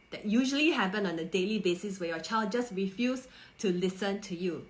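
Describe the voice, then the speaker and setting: A woman's voice: medium pitch, rough recording. Woman coaching parents on a live stream. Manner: warm-toned rhetorical questions, coaxing and empathetic. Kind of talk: live stream talk to viewers.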